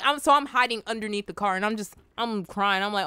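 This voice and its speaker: A young adult woman hosting a reaction video, telling stories in an animated, slangy, exclamatory way. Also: mid-range voice, fast, clean tone, no room sound. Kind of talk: casual reaction commentary and storytelling.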